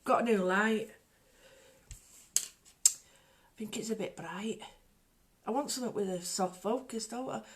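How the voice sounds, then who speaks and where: A woman's voice: medium pitch, a little slow, pauses often, slight background noise. A woman hosting a casual home livestream, rambling chattily and greeting viewers by name. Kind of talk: casual live chat.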